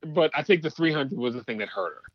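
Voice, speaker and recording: A man's voice: on the high side, expressive, quick pace, no echo, lo-fi sound. A man co-hosting a podcast, chatting casually and making dry, wry remarks. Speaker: podcast co-host. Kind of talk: casual chat.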